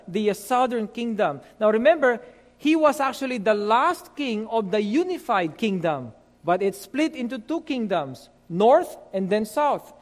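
Slow, high-voiced man preaching in a hall. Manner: slow, deliberate reading with many fillers. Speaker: pastor. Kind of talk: Bible teaching sermon.

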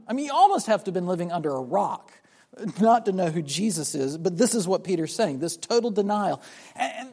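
A man from South Carolina, USA, delivers a sermon on scripture in a high, sing-song voice that's brisk and a little mellow. Quoted figures get their own acted-out voices, and his restarted sentences come with repeated words.

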